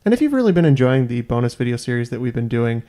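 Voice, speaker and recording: An upbeat, chatty man at a medium pitch, hosting a trivia podcast. He moves easily between casual chat with the other players and a quick promo for listener support. His delivery is relaxed and conversational. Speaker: podcast host. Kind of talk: casual chat and sponsor plug.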